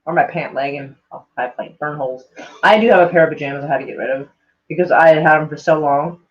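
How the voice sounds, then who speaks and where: A woman's voice: low-pitched, fast talker. A woman streamer chatting casually with her viewers in a rambling, self-mocking way, swearing freely. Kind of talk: casual livestream chat. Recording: dull lo-fi sound.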